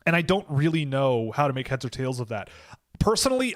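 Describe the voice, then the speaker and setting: A man's voice: medium pitch, animated, normal speed. A man hosting a casual live stream about hockey, talking in a rambling way and often correcting himself with lots of fillers.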